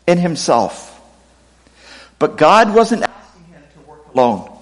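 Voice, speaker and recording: Lively high-voiced male preacher in hall. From United States, raised partly in Pakistan. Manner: expressive, dramatic reading of scripture quotes. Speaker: pastor. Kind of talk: sermon.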